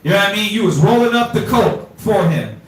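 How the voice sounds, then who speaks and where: A man teaching an informal scripture class, animated and streetwise, quizzing his students, recorded from afar in an echoey room. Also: high-pitched, a little fast, far from the mic.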